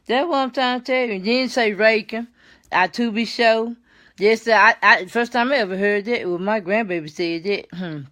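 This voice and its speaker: A tired older woman hosting a folksy vlog monologue. She talks in a chatty, drawn-out way and keeps adding mm-hmm and yes sir. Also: mid-range voice, a bit bright. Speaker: vlog host.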